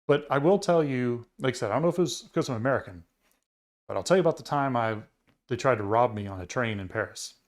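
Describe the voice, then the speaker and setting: A male podcast co-host in casual conversation, telling a long anecdote. His voice sits at a middling pitch, and he wanders through the story with frequent fillers and restarts. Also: animated, quick pace. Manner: rambling storyteller with many fillers. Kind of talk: casual chat.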